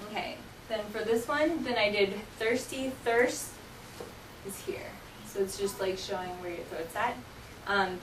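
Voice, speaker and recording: A woman's voice: medium pitch, distant mic. Woman teaching in an echoey classroom. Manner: patient explaining, frequent "okay?" checks. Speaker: sign language teacher. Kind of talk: classroom vocabulary lesson. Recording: roomy classroom from afar, faint noise.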